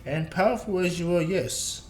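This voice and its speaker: A man voicing a cold, boastful male bio-android villain in a slow, low taunting delivery. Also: slight background noise, lightly acted. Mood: gloating. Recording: echoey room, faint music.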